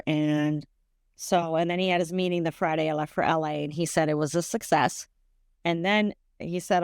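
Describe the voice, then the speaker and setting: A woman's voice: fairly low pitch, a little mellow, clear, resonant tone, no echo, studio quality. A woman telling her own story as a podcast interview guest, earnest and rambling, with frequent restarts and self-corrections. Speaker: guest sharing a personal story.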